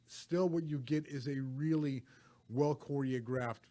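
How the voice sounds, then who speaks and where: A man's voice: a little high, a little slow, warm tone. A man co-hosting a casual film talk, musing thoughtfully with frequent fillers and hedges. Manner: thoughtful, hedging, many fillers. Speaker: podcast co-host.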